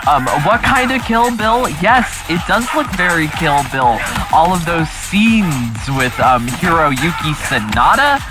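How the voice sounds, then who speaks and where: An excitable man reads viewer comments aloud on a casual live stream. His voice is a touch high and swings widely as he reacts. Music plays clearly underneath. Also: slow pace, few pauses. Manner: excitable, exclamatory, animated reactions. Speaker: co-host reading live chat. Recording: music playing behind the voice.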